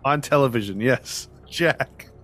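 A man's voice: mid-range voice, unhurried, fairly bright tone. A man hosting a podcast, telling a true-crime story in casual chat with lots of fillers and sarcastic asides. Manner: rambling, frequent "you know" fillers and restarts. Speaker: podcast host.

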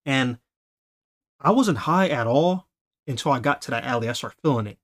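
A man hosting a podcast, telling a story in a casual, animated way. He laughs often and acts out the voices of the people he quotes. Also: mid-range voice, moderate pace. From Los Angeles. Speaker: podcast host.

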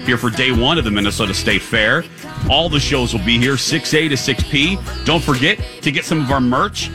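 A man's voice: medium pitch, normal speed, music in the background. A man hosting a live morning radio talk show from a fair booth, upbeat and chatty with frequent fillers.

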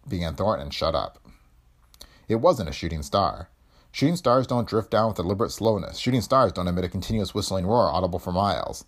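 A male narrator reading an old pulp adventure aloud. His voice sits low but moves a lot in pitch, giving the telling an animated, storytelling lift. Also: fairly quick.

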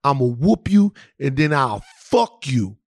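A man's voice: mid-range voice, big pitch swings, measured pace, no echo, studio quality. A man voicing a huge, menacing man who crudely taunts someone before a fight. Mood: taunting.

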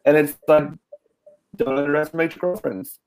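A man co-hosts a casual film chat in a relaxed, cheerful way. His voice sits a little higher than most men's. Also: normal speed, over music, poor audio. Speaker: podcast co-host.

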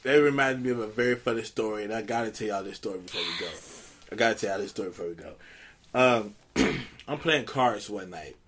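A man hosting a podcast, chatting casually and telling a funny story, jumping high when he quotes people. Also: a little fast. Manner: animated storyteller, jumps high when quoting. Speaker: podcast host.

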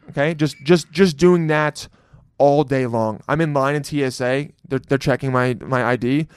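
A man hosting a podcast delivers a casual solo intro, keeping it loose, jokey, and profane while laughing often. He talks at a moderate pace in a mid-range voice with few pauses, and slight background noise can be heard.

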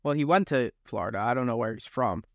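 A man's voice: mid-range voice, fast, no echo, clean studio sound. A man co-hosting a podcast in casual chat, speaking emphatically and correcting himself mid-thought. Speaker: podcast co-host.

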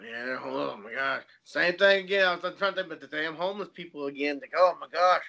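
Bright-voiced laid-back swearing man. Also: fairly high pitch, fast, gravelly, muffled recording. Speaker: cosplayer. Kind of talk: casual chat.

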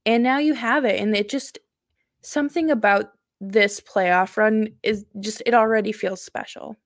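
A young woman on a sports podcast, talking eagerly in casual chat and agreeing quickly with her co-hosts. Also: medium pitch, dry recording, clean studio sound. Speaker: podcast co-host.

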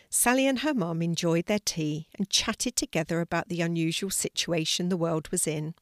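Older woman, storybook narration, calm, lowish voice, dry close sound. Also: normal speed, few pauses, no room sound.

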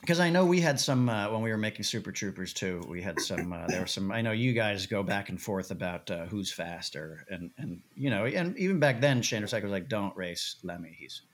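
A man's voice: on the low side, a little fast, hardly any pauses, slight background noise. Guy on a podcast telling a wild story, swearing a lot, doing voices for everyone. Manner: animated, swearing, acts out quoted voices. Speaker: podcast guest. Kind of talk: casual storytelling.

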